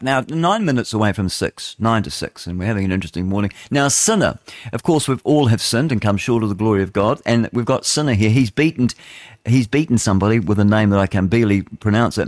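Reading the news on his morning talk radio show, an English host in a radio studio rambles, jokes, chats and offers opinions, stumbling over words now and then. He speaks in a lowish voice, animated and brisk, with clean studio sound and no room noise.

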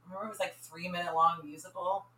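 Male voice from across the room, higher pitch, quick apologetic interjections. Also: level tone, bright, forceful tone. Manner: chiming in off-mic, apologetic. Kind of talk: casual chat. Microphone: off-mic, far from microphone.

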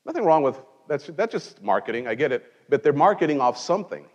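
A man's voice: a little high, big pitch swings, fast, darkish tone, big-room sound, highs cut off. A man who grew up in Mexico, preaching a conversational sermon from a pulpit in church and mixing in wry jokes. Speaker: pastor.

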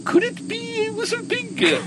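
A man voicing an excited, wild-eyed, gray-haired older man on a mountain bike, with insects chirping behind him. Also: very high-pitched, moderate pace, very noisy, pitched above the performer's own voice. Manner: excited, stammering repetition.

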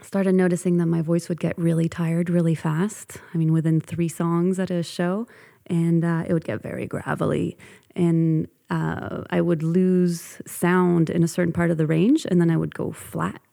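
Singer lady on a chat show, low gravelly voice, mellow and soft-spoken. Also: level tone, moderate pace. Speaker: singer and guest. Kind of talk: casual interview chat.

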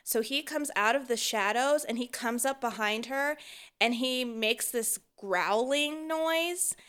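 A woman co-hosting a podcast, telling a story in casual chat, animated and often laughing as she acts out what people said. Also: a little high, slow, clear, resonant tone. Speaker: podcast co-host.

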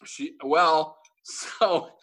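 A man's voice: a little high, steady tone, drawn-out words, fairly bright tone. A man on a podcast, telling a story in casual chat, swearing and laughing often. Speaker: podcast host.

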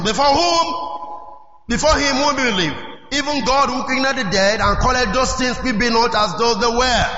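A man preaching a sermon as pastor, emphatic and calling out to his congregation, now and then shouting key lines. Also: high-pitched, a little hiss or hum. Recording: roomy hall echo, dull lo-fi sound.

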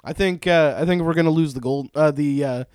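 A man co-hosting a casual podcast chat, joking and laughing often with quick asides. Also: a little high, a little mellow, clean tone, no room sound.

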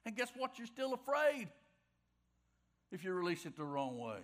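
A middle-aged pastor delivers a sermon in a folksy, conversational manner, circling back to repeat his points. His voice sits high for a man and has a bright, forceful edge. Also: sing-song, normal speed.

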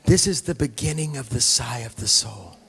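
A middle-aged male pastor preaching a conversational sermon, joking and dropping to hushed, sighing asides. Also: mid-range voice, expressive, normal speed, gravelly. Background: soft music.

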